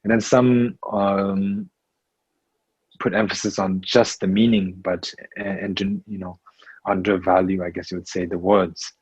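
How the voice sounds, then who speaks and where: A man teaching a Buddhist class in English, speaking slowly and haltingly with many fillers and restarts. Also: low voice, flat delivery, husky, dry recording, dull audio.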